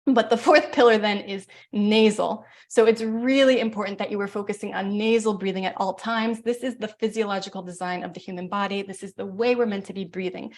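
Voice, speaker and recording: A woman breathwork coach leading a live online workshop over a video call, talking fast when she explains and slowing to a soothing pace when she guides the breathing. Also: medium pitch, fairly even intonation. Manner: talks fast, then slow and soothing when guiding breaths.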